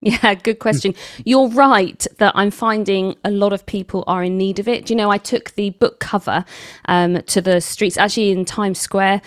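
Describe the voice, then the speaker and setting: A middle-aged woman from England, an author telling stories in a conversational interview, lively and quoting others with big pitch jumps. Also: moderate pace, dry recording, studio quality. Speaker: author and guest.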